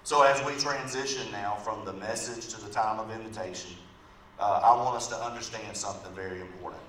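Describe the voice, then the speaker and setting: A man with a lowish voice preaches to a congregation, easygoing and conversational. He's picked up from a distance in a reverberant sanctuary with a faint hiss behind him. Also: brisk, fairly bright tone. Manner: conversational, often asks "right?" of the congregation. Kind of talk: sermon with a storytelling illustration. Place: church sanctuary. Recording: echoey room from far off, faint background noise.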